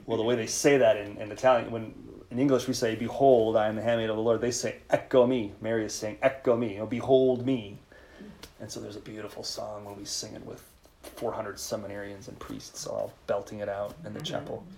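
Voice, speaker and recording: A man's voice: fairly low pitch, little pitch movement, a little fast, gravelly, dark tone, slight background noise. Man giving a casual sermon. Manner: informal, leads call-and-response with listeners. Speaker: priest. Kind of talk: conversational sermon to a live group.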